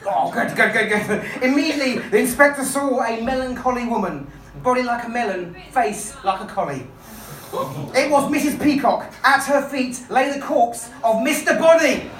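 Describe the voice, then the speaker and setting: On a comedy club stage, a woman who works as a magician and comedian spins a funny story for a live crowd, playfully coaxing a volunteer along. Her voice sits a little high at a normal speed, and it sounds distant in an echoey room.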